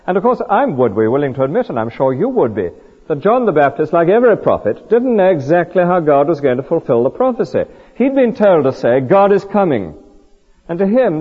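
A man's voice: fairly high pitch, husky, long reverb tail, muffled recording. A man preaching a sermon, earnest and full of rhetorical questions and vivid stories.

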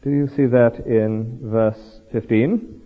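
A man preaching an expository sermon, reading verses aloud and explaining them in a lively way. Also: medium pitch, slow. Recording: tinny lo-fi recording in a reverberant hall.

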